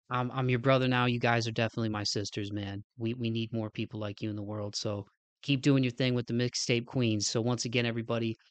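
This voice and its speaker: A man's voice: mid-range voice, dry recording. A man hosting a podcast, a casual outro, with a nasal, stuffed-up voice, a little out of breath, talking in an earnest, rambling way and often adding "man.". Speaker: podcast host.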